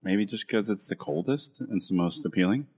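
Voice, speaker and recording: A man's voice: fairly low pitch, brisk, darkish tone, breathy edge. A man co-hosting a casual coffee show, rambling playfully and searching for words. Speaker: podcast co-host. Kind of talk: casual chat.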